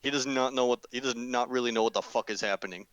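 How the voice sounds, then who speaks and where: Guy dming for friends, rambly and swears a lot, smooth clear voice, dry sound. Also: mid-range voice, fast, fairly bright tone, no echo, poor audio. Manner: rambling, swears often, many fillers. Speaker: game master. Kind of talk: casual tabletop game narration.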